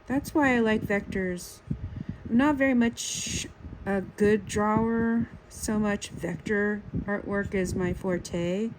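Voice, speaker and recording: Woman, slow unhurried tutorial talk, self-critical, noisy home recording. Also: mid-range voice. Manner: self-critical, muttering to herself while drawing. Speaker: drawing tutorial creator. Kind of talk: casual drawing tutorial commentary.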